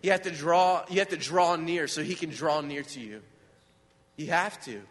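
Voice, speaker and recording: High-voiced man preaching in a hall. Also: moderate pace, fairly bright tone. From United States. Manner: earnest, conversational, asks the listeners questions. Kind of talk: informal sermon.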